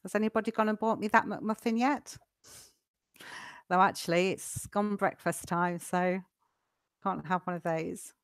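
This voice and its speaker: A woman teaching a live online English lesson, chatty and patient, slowing down so learners can follow. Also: lowish voice, fairly even intonation, smooth, no room sound, studio quality.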